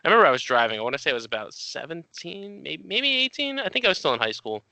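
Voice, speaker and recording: Bright, smooth-voiced young Jersey man. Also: on the high side, quick pace, dry recording, low-quality recording. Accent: New Jersey. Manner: animated storytelling with laughs and loud acted quotes. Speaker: co-host. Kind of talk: casual chat.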